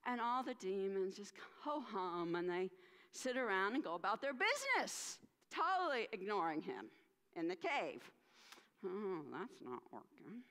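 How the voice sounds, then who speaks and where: A woman minister telling a story during a church service, animated, with dramatic pauses and acted voices. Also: mid-range voice. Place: church sanctuary. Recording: reverberant church sanctuary.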